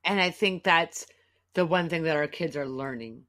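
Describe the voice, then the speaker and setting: A woman's voice: low voice, moderate pace, a bit bright. A middle-aged woman hosting a podcast, talking in an emotional, rambling way and swearing freely. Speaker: podcast host. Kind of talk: casual podcast conversation.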